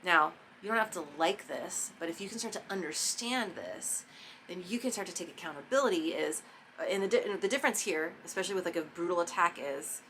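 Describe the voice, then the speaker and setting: A woman talks straight to camera in a casual, profane self-help monologue, emphatic and spontaneous. Her voice sits low for a woman but sounds bright and forceful. A faint room ambience stays behind her. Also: a little hiss or hum. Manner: profane, emphatic, spontaneous, drops into soft mock whispers. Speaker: spiritual self-help vlogger.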